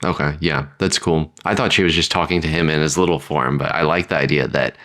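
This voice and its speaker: Young man, low voice, rambling casual chat, co-host. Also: steady tone, brisk, a bit bright. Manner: rambling, many "like" fillers, bursts into high comic voices. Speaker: podcast co-host.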